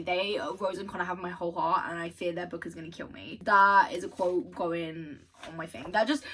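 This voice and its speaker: A woman's voice: mid-range voice, fairly even intonation, brisk, hardly any pauses, recorded from a distance, a little hiss or hum, poor audio. A young woman book vlogger chatting casually and gushing over quotes she reads aloud, swearing now and then. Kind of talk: casual chat and reading aloud.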